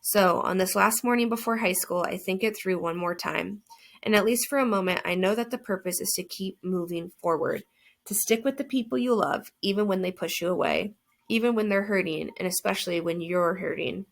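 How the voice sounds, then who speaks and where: A woman's voice: medium pitch, a little fast, vocal fry. A woman reading a first-person novel aloud as an audiobook narrator, earnest and reflective.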